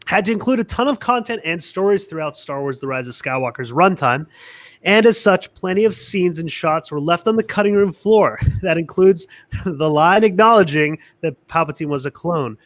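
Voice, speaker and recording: A man's voice: fairly high pitch, a bit bright. A man with a congested voice, chatting animatedly as a podcast co-host and reading an article aloud. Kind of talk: casual podcast chat.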